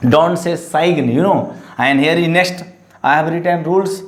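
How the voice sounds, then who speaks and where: Guy teaching an english lesson, kinda high voice, lots of uh and you know, echoey room. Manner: repetitive, halting, many fillers. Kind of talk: classroom lesson explanation.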